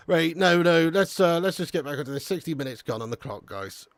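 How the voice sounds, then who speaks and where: High-voiced match streamer. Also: male voice, brisk, few pauses, no echo. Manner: chatty, jokey, excitable. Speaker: watch-along streamer. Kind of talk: live match commentary.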